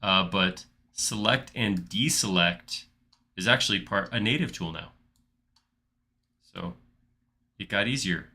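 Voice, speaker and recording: A man with a low, very bright and forceful voice hosts a live modeling tutorial. He chats casually and thinks out loud, restarting his sentences as he clicks through the work. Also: unhurried, long pauses. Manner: chatty, thinks aloud with restarts while clicking. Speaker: livestream host modeling in software.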